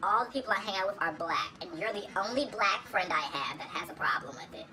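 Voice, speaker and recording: A man's voice: high-pitched, expressive, quick pace, crowd noise, voice pushed up, poor audio. A man voicing a defensive young white woman friend in a fake Valley-girl manner, breezy and dismissive.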